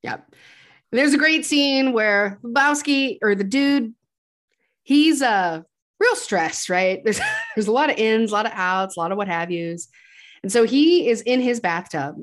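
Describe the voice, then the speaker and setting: A podcast co-host with a voice on the high side recaps a film a little slowly but expressively. In a relaxed, chatty manner, she quotes what the characters say and laughs here and there.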